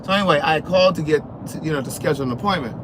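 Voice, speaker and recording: A man vlogging from his car, chatting in an animated, sassy way and answering comments, sounding sleepy. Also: on the high side, very fast. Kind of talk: casual chat while driving. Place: in a car on the road. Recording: car road noise. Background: road noise.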